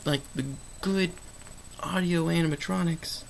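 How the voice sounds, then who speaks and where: A vocal-fry-heavy voice at mid pitch talks through a movie off the top of the head. The speech wanders in stream-of-consciousness fashion, with restarts and fillers. A faint hum of ambience sits behind the voice. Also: fairly even intonation, measured pace, poor audio. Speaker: movie reviewer. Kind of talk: unscripted rambling movie review.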